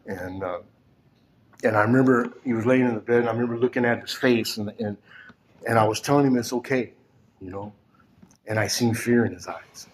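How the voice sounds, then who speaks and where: A man in his sixties telling a personal story in a halting way, full of "and, uh", often sinking almost to a whisper. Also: medium pitch, slight background noise. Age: 60s. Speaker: storyteller recounting his past. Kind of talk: personal testimony.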